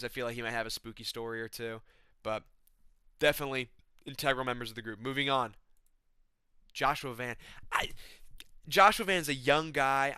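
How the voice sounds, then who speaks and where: Bright, clear-voiced laid-back young man. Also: medium pitch, no echo, studio quality. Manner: laid-back, rambling, slangy. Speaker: vlogger. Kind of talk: casual comedic monologue.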